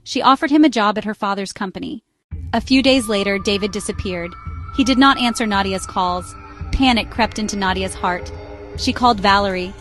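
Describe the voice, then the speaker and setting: A woman's voice: mid-range voice, a bit bright. A woman telling a short story in a simple, dramatic narration style. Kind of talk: scripted narration. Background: faint music.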